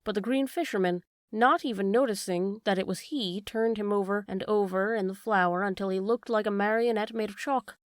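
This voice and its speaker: A woman's voice: medium pitch, normal speed, hardly any pauses, no echo. Woman reading a storybook, dry close sound. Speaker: audiobook narrator.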